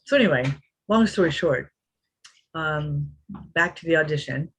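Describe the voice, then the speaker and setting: A woman in her fifties appears as a podcast guest, speaking in a low voice with a breathy edge at a moderate pace. She tells a lively anecdote during the interview, acting out what people said.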